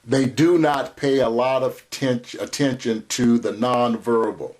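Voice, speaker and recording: A man lectures in a deliberate, unhurried voice, pausing between phrases as if listing points for students. His pitch sits in an ordinary middle range. He sounds middle-aged and steady, like a teacher walking a class through notes. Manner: slow, measured delivery with spelled-out terms. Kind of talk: recorded lecture.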